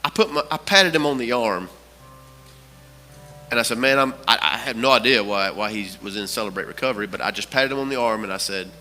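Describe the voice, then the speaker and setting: A man's voice: fairly low pitch, fairly quick, sharp tone, big-room sound, soft background music. A man preaching a sermon as pastor, telling a story with repeated phrases for emphasis. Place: church sanctuary.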